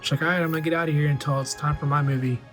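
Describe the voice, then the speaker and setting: A man in his forties, a toy collector, casually retelling a movie in a rambling way full of fillers and quick character voices. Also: on the high side, fairly even intonation, music in the background. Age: 40s.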